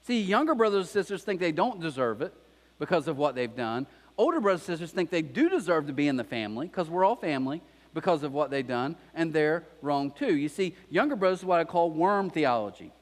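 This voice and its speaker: Animated male pastor in a reverberant hall. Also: fairly high pitch, a little fast. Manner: animated storytelling, acts out voices of characters. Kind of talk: sermon. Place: church auditorium.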